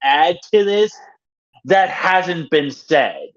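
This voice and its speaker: A man's voice: a little high, animated, drawn-out words, lo-fi sound. A man co-hosting a podcast in casual chat, enthusiastic and often stammering. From North Carolina. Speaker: podcast co-host.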